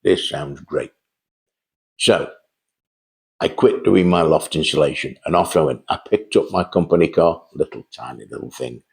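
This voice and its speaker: Gravelly and a little mellow, this older man's low voice keeps a moderate pace. He hosts a casual monologue of rambling, chatty stories from when he first started out in sales.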